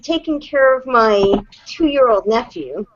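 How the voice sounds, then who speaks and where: A woman's voice: on the high side, animated, slow, background noise. A woman joining a video chat for the first time, giggly and a bit shy. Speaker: new guest. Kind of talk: casual chat. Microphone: video call. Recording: dull lo-fi video call audio.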